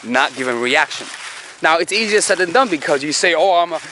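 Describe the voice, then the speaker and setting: A man's voice: fairly high pitch, lively intonation, a little fast, sharp tone, slight background noise. A man giving dating advice in a casual monologue, talking in a conversational way with swearing and lots of rhetorical questions. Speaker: dating coach.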